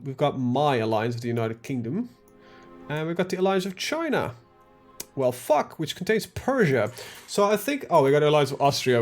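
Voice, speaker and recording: A man live-streaming a strategy game, talking casually to himself and his chat, full of ums and the odd swear word. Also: mid-range voice. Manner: thinks aloud, lots of ums, casual swearing.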